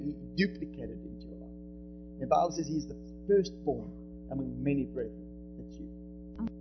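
Pastor guy preaching, repeats himself a lot, kinda high voice, guitar music in the back. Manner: preachy, repeats words when building up. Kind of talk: sermon-style commentary. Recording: dull sound with music behind.

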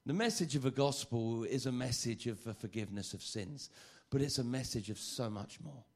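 A man preaching a sermon, lively and joking, often stammering and repeating phrases. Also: mid-range voice, moderate pace.

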